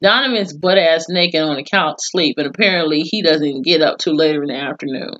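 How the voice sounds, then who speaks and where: A woman's voice: low voice, brisk, muffled recording. Chatty woman recapping a TV episode. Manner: chatty and profane, with animated acted-out quotes. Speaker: TV episode reviewer. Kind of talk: casual spoken episode recap.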